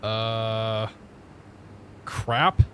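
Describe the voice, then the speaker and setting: A man's voice: lowish voice, fairly even intonation, very slow, bright, forceful tone, slight background noise. A man streaming a flight simulator in casual chat, joking at himself and laughing easily while he explains cockpit controls. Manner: chatty, laughing, self-joking.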